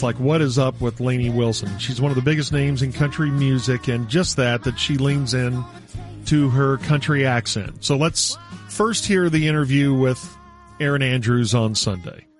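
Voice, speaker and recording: A man's voice: medium pitch, normal speed, over music. A man hosting morning radio in a teasing, argumentative studio banter. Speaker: radio show host.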